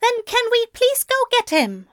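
A woman voicing a fussy, fretful male angel whose speech comes out shrill and blurted. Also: lively intonation, slow pace, a bit bright, dry recording, clean studio sound, exaggerated voice. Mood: frantic. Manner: high-strung, blurting.

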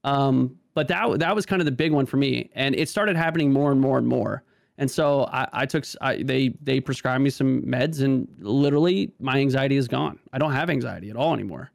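A man's voice: mid-range voice, fairly quick, gravelly, no room sound, studio quality. A man talking casually as a podcast guest, stammering and restarting often, with many "like" fillers. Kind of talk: casual conversation.

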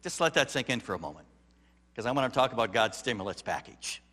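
A man preaching a sermon as pastor, dramatically swinging between loud emphatic lines and hushed ones, acting out the quoted voices. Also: mid-range voice, lively intonation, fast. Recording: long reverb of a large hall.

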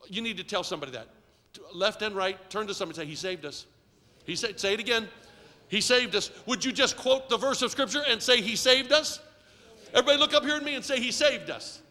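A middle-aged male pastor preaching a sermon, leading call-and-response and swinging from hushed asides to shouting. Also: high voice, fast talker, in a large hall. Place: church sanctuary.

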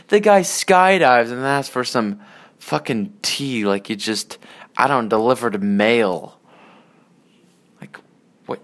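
A man's voice: medium pitch, slow, pauses often. An adult man in a casual, rambling rant about old movies, swearing often and getting worked up. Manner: profane, rambling, excitable.

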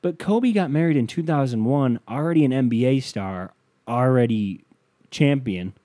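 A man's voice: medium pitch, lively intonation, normal speed, dark tone, no room sound. Podcast host, male, profane and self-amused, dry close mic. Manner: profane, riffing, self-amused, voice jumping up when worked up. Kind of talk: casual solo podcast rant.

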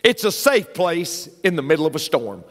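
Excitable man preaching, lively high voice. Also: normal speed. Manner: excitable, swings from quiet asides to loud shouting. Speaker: pastor. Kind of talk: sermon. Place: large church sanctuary. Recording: church hall with long reverb.

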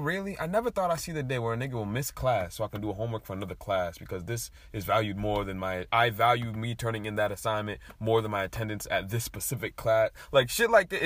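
A young man chatting casually, telling a profane, animated story with big bursts of laughter. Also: medium pitch, no room sound. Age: young adult.

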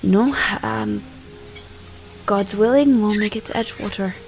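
A woman's voice: mid-range voice, moderate pace, over music. A woman narrating a tabletop game as game master, chatty and hesitant, with many fillers.

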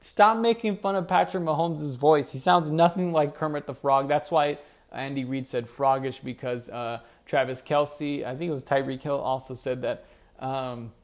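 A man hosting a solo sports podcast, rambling and mock-indignant, with lots of fillers and restarts. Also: medium pitch. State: out of breath. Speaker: podcast host.

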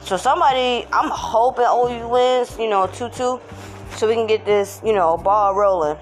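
A woman's voice: a little high, normal speed, faint music behind. A woman hosting her own podcast from home, chatting casually with hype, slang and sing-song chants. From Texas. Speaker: podcast host. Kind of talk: casual morning chat.

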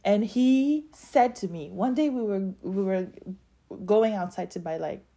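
A woman's voice: mid-range voice, unhurried, dark tone. A young woman hosting a podcast, telling a story in casual chat and acting out the quotes with big jumps in her voice. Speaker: podcast host.

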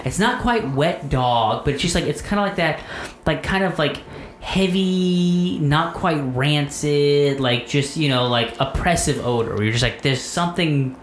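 A man's voice: on the high side, a little slow. A man telling a story in casual chat, rambling and profane, with lots of fillers and restarts. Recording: echoey room with faint noise.

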